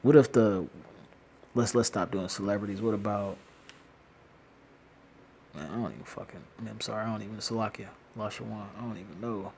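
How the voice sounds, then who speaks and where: A man talking casually and in a rambling way, animated and slangy, laughing often and restarting his sentences. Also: fairly low pitch, a little fast, gravelly, long pauses, slight background noise. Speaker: commentator. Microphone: phone screen-recorder app.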